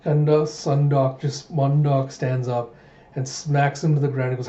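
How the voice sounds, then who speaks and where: A man's voice: mid-range voice, little pitch movement, measured pace, mellow. Chatty young man narrating a read-through. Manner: chatty, recaps the story loosely. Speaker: manga reader, video host. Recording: dull roomy home recording.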